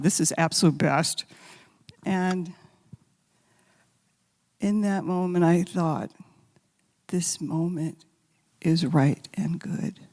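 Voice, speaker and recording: A woman giving a spiritual talk as guest speaker, telling stories gently and sometimes dropping to a soft whisper, then leading a guided meditation. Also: fairly low pitch, creaky. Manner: gentle, intimate storytelling, drops to soft whispers. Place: large sanctuary. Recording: long hall reverb.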